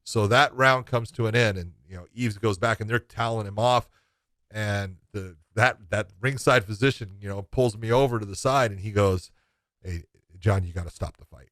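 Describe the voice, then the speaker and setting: A man with a fairly low voice tells a story on his podcast, acting out the lines of the people in it. The sound is close and dry. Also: normal speed, no echo. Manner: lively storyteller who acts out quoted dialogue. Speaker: podcast co-host. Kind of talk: casual chat, telling stories.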